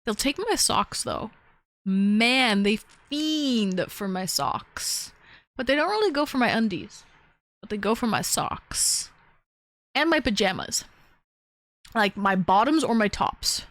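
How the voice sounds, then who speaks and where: Unhurried woman streamer, dry close sound. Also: very animated, a bit bright, dry recording. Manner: chatty, coos at her dogs in a high baby voice; talks to her chat, with profanity. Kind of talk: casual live-stream chat.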